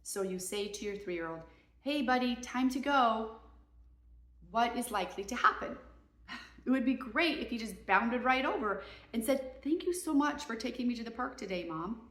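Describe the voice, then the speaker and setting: A woman's voice: fairly high pitch, expressive, fairly bright tone, roomy sound. A woman, a mother and parenting coach, giving earnest, emphatic advice in a casual talk to camera. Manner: earnest, emphatic, voices kids and parents in quick asides.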